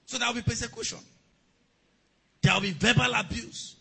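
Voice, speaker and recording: High-pitched, husky preacher man. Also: steady tone, moderate pace, pauses often, poor audio. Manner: preaching with call-and-response, rising to shouts. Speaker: pastor. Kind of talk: sermon.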